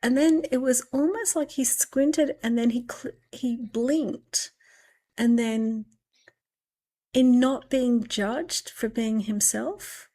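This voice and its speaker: A woman in a reflective spiritual conversation, slowly telling of a meditation with drawn-out, musing pauses. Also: fairly high pitch, warm tone. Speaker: spiritual podcast speaker.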